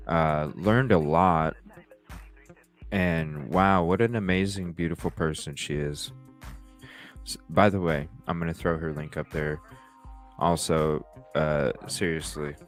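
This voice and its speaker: A man hosting a live call-in talk stream, chatting casually with viewers, rambling, swearing freely and laughing often. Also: deep voice.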